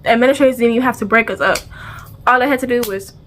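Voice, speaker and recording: A little high and very fast, a woman's voice races through a storytime vlog with slight background noise behind it. She talks in casual slang, repeats phrases, and animatedly acts out every sound and line of dialogue.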